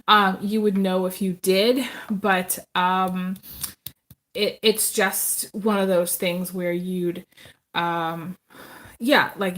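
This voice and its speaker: A woman giving a casual live tarot reading, rambling and chatty, with many pauses and restarts. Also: mid-range voice. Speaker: tarot reader.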